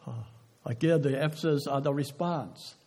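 Male preacher, fairly high husky voice, slow emphatic sermon delivery with hushed endings. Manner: slow, emphatic delivery, drops to a hush on key words; asks the audience rhetorical questions.

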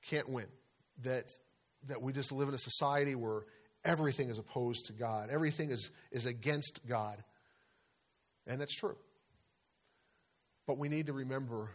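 A middle-aged man preaching a sermon as pastor, earnest and conversational, weaving in personal stories. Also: medium pitch.

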